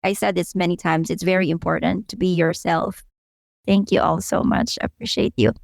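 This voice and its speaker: A woman's voice: on the low side, fairly even intonation, normal speed, creaky, dry recording, clean studio sound. A woman co-hosting a podcast, talking earnestly and thanking her colleagues with a laugh. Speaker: podcast co-host. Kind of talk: casual podcast chat.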